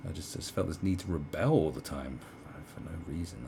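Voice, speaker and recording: A man's voice: low-pitched, brisk, gravelly, warm tone, slight background noise. A middle-aged man with a British accent giving a sarcastic, rambling video commentary, swearing and restarting often. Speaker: commentary vlogger.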